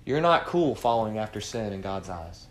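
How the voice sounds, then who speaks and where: A man leading a morning Bible study, preaching with lots of rhetorical questions and swinging from quiet asides to loud cries. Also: lowish voice, moderate pace, slight background noise. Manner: animated, fires rhetorical questions at the group.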